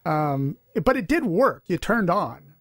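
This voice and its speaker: A man's voice: high-pitched, very animated, unhurried, a bit bright, no room sound, clean studio sound. A man co-hosting a podcast, chatting casually and rambling with restarts and fillers. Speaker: podcast co-host. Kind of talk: casual chat.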